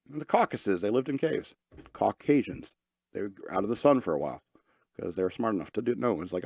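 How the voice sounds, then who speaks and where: A man's voice: on the low side, animated, fast, vocal fry, dry recording, studio quality. A man hosting a casual talk radio show, reading news stories aloud with sarcastic asides. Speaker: podcast host reading news.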